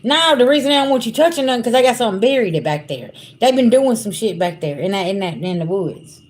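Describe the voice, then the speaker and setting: A spiritual reader with a slightly high voice talks fast and animatedly during a casual livestream reading, addressing her viewers directly in a blunt, profane way.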